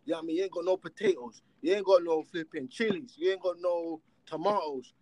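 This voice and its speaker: A man with children, talking in a casual chat, animated and rhetorical with heavy street slang. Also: a little high, quick pace, noisy background. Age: adult with children.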